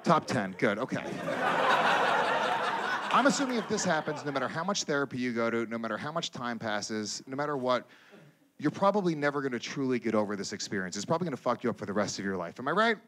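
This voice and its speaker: A man doing a stand-up comedy set on stage, with a loud, animated delivery, profane banter with the crowd and shouted character voices. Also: mid-range voice, quick pace, very noisy. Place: comedy stage before a live audience.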